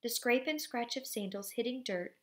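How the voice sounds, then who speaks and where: A woman with a slightly high voice reads a novel aloud for students in a steady, expressive way. She pauses briefly now and then to apologize for slips.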